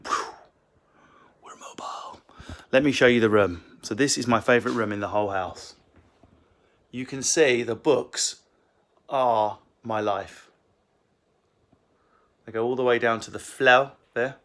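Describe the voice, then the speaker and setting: A comedian answering viewer questions in a casual Q&A, swearing and joking in quick asides, from a book-lined room at home on a phone. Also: male voice, medium pitch, fairly bright tone. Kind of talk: casual livestream Q&A.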